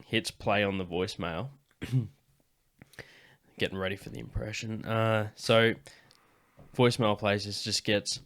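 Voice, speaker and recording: Low-voiced Australian man, casual host. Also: fairly even intonation, a little slow, gravelly, long pauses, a bit bright. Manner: swears casually, storytelling. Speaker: podcast host. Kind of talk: casual chat.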